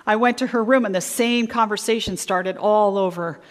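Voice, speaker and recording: A middle-aged woman leading a church marriage workshop, quizzing the audience with fill-in questions and stressing key words slowly. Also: medium pitch. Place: church sanctuary. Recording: long church hall reverb.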